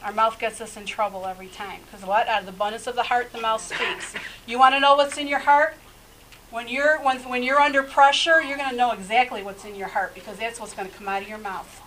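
A woman's voice: on the high side, fairly even intonation, a little fast, a bit bright, slight background noise, low-quality recording. A woman preaching a sermon in a conversational way, talking straight to her listeners and often repeating herself as she goes. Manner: conversational, repeats words and restarts, direct address to listeners.

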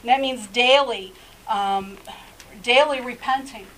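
A woman delivers a sermon in a loose, chatty manner, speaking directly to her congregation and circling back over her words. Her voice sits a little high, with a faint hiss of noise behind it. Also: unhurried, a bit bright, poor audio. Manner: conversational, repeats words and restarts, direct address to listeners. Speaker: preacher.

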